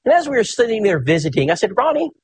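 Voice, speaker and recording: A man, preaching in a folksy, animated storytelling sermon. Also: high voice, very fast, a little hiss or hum.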